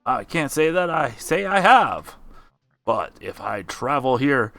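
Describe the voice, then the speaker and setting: A man's voice: mid-range voice, big pitch swings, slow, gravelly, bright, forceful tone, no echo, faint music behind, exaggerated voice. A man voicing a pompous, old-fashioned male crab at a museum, full of stuffy flourishes. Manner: pompous, says "I say".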